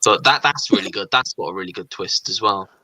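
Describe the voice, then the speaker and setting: A man's voice: deep voice, brisk, crowd noise, poor audio. A man from the UK hosting a casual livestream chat about films, rambling and correcting himself as he goes. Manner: rambling, self-correcting, jokey. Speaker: livestream host.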